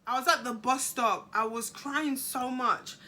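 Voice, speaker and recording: Young woman, vlogger telling a story, dramatic and slangy, voice sits high and sounds very bright. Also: unhurried. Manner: dramatic, slangy, repeats phrases for emphasis. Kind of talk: storytime monologue to camera.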